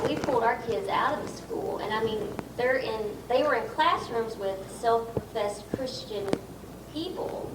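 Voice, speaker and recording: A woman's voice: fairly high pitch, animated, unhurried. A woman from the congregation talking about her experience in a casual discussion, with frustrated, hesitant phrasing. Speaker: congregation member. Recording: echoey room, far from mic, background noise.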